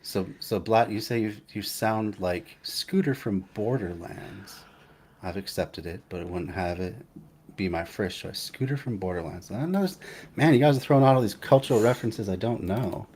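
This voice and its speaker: Low-ish guy streamer rambling along, lots of um and restarts, chill live chat. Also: darkish tone, slight background noise. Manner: rambling, halting, with many restarts and fillers. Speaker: livestream host.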